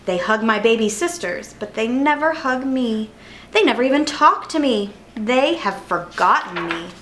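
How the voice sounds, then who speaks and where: A woman's voice: a little high, lively intonation, normal speed, a bit bright, a little hiss or hum. Casting: small boy bunny, feeling left out, whiny and hurt, read by a woman. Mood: sad. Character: young boy rabbit, sulky and hurt.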